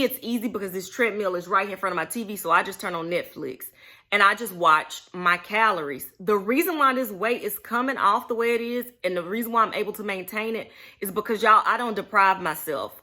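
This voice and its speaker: A woman's voice: mid-range voice, a little fast, bright, forceful tone. A woman from Mississippi with a Southern accent, chatting casually to her viewers in a folksy way, calling them y'all. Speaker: vlogger. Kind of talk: unscripted casual chat to viewers.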